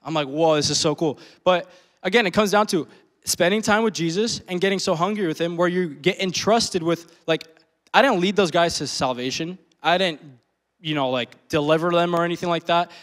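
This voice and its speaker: A man's voice: high-pitched, moderate pace, a bit bright. A man in his twenties telling a personal story during a sermon, casual and full of slang, laughing often. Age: 20s. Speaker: preacher.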